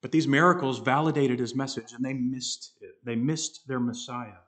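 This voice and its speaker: A man's voice: medium pitch, steady tone, fairly bright tone. Male pastor with a mid-range voice, preaching a sermon with earnest, emphatic stresses. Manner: earnest, emphatic, slows down to stress key words. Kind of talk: expository sermon.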